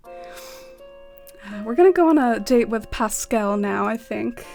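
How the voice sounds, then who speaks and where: A woman's voice: fairly high pitch, expressive, slow, vocal fry, long pauses, darkish tone, soft background music. Bubbly young woman streaming games. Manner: bubbly, giggly, lots of "like". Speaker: game streamer. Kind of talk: casual live-stream chat.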